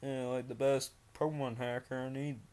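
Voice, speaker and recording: A man's voice: medium pitch, level tone, brisk, darkish tone. A young man reading a creepypasta aloud, breaking off into rambling, mocking asides full of fillers. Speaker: creepypasta reader.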